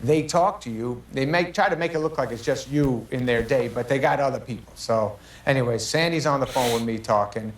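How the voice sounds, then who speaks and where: A man's voice: medium pitch, a little fast, hardly any pauses. A man telling funny stories as a talk show guest, laughing and acting out what others said. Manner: laughing storyteller, acts out quotes in funny voices. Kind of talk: casual anecdote telling. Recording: roomy and distant with audience noise.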